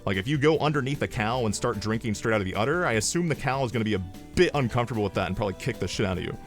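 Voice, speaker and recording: Casting: low-voiced male streamer, rambling comic storyteller, faint music underneath. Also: rapid-fire. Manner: rambling, animated, deadpan asides. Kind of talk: comedic storytelling.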